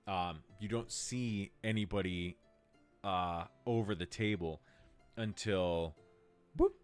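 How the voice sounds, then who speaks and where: A man's voice: deep voice, fairly even intonation, slow pace, clean tone, soft background music. A man narrating as game master in a casual, filler-heavy way.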